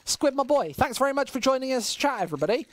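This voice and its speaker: A man with a West Midlands English accent doing solo play-by-play commentary on a live stream, casual and chatty with chat, surging loud and high on big plays. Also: animated, fast. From West Midlands, England. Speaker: esports commentator.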